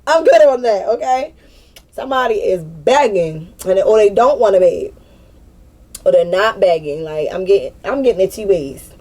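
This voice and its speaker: A woman's voice: mid-range voice, expressive, moderate pace, a little mellow. A woman giving a casual spiritual reading to her viewers, candid and slangy, with frequent swearing. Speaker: spiritual reader.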